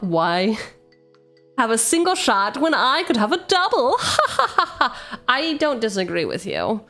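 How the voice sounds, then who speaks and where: A young woman hosts a casual card-opening stream, playful and chatty as she reads card text aloud and banters with chat. Her pitch sits mid-range for a woman, with faint music underneath. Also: a bit bright.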